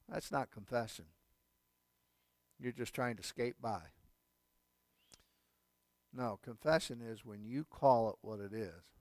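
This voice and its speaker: A man's voice: medium pitch, slow, pauses often, a little mellow, dry recording. A male pastor giving a sermon, emphatic, with repeated phrases and casual asides. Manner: emphatic preaching with repetition and asides.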